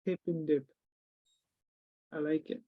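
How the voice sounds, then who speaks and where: A man's voice: a little high, little pitch movement, slow. A man on a voice call, asking brief, curious questions. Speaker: caller on the voice chat. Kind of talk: casual chat on a voice call. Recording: dull lo-fi call audio.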